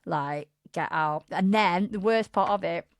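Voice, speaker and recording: A woman in her thirties on a podcast, telling a dating story in casual chat and acting out quotes loudly with laughter. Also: a little slow, dry recording, studio quality. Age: 30s. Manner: animated, laughing, acts out quotes in a loud high voice. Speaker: podcast co-host.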